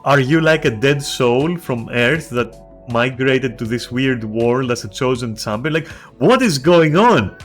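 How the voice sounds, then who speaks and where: Animated, swearing male game streamer. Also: mid-range voice, measured pace, soft background music. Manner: animated, swears a lot, restarts. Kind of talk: casual ranting chat on a stream.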